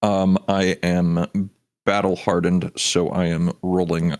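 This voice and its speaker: Very low-voiced game player man. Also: level tone, slow pace, darkish tone. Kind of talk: tabletop game narration as a player.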